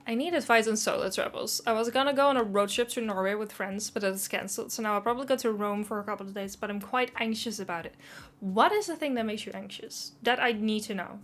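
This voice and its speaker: A woman's voice: medium pitch, quick pace, a bit bright. A woman streaming live, chatting casually and self-consciously while reading chat.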